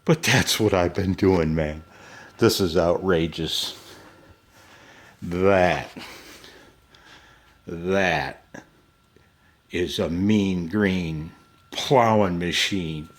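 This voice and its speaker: Laid-back ham radio vlogger, deep husky male voice, unhurried, casual garage chat. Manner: laid-back, says "man" often, laughs easily. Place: home garage.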